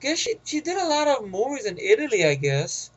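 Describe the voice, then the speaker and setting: A man's voice: very high-pitched, wildly swooping pitch, fairly quick, breathy edge, low-quality recording. A man with a New York accent giving a rambling, profane, casual movie review, often getting sidetracked.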